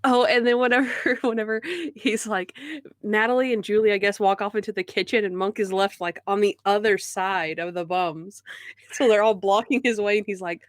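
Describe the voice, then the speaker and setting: A woman co-host on a podcast, recapping an episode in a lively, laughing way and slipping into quoted character voices. Her voice sits in a middle range and is recorded close and dry. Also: mid-range voice, moderate pace, no room sound. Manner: animated, acts out characters' lines with laughs. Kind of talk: episode recap and casual chat.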